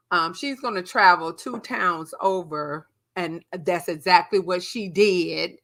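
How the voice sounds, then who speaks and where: A young adult woman co-hosts a podcast, telling a story in a casual, animated way, swearing freely and acting out what people said. Her voice sits on the low side and her pace is measured.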